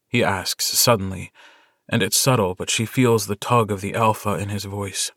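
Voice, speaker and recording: A man narrating a short story audiobook in a measured, intimate storytelling manner. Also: lowish voice, steady tone, fairly bright tone, no echo, studio quality. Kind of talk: scripted narration.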